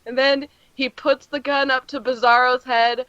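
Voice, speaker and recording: A woman co-hosting a comics podcast, rambling and effusive as she retells a story. Her voice sits fairly high. The recording is dry and dull, with a lo-fi sound. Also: level tone, moderate pace, sharp tone, dry recording. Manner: rambling and effusive, many fillers, acts out scenes. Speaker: podcast co-host reviewing comics. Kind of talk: casual chat.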